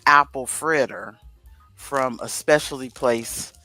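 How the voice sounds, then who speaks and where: A livestream co-host with a medium-pitched, bright, forceful voice speaks slowly with vocal fry. He rambles and thinks aloud to himself while working through a crossword, soft music playing in the background.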